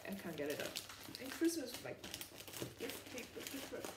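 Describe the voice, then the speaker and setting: A woman's voice: mid-range voice, very animated, unhurried, pauses often, a little hiss or hum. Giggly young woman in an echoey room. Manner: gushing, giggly, lots of fillers. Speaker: vlogger. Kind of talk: casual unboxing vlog. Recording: echoey room, mic at a distance.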